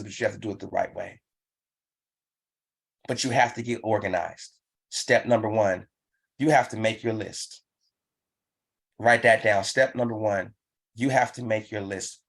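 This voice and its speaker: A man's voice: fairly low pitch, moderate pace, creaky, pauses often, a bit bright, breathy edge. A man leading a live online business training, urging listeners on with emphatic, repetitive coaching. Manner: pumped-up, urging.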